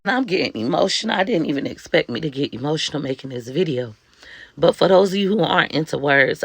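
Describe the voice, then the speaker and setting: A mother shares life advice in a candid monologue to camera, emphatic, heartfelt and blunt. Her voice is low and gravelly, in a dry recording.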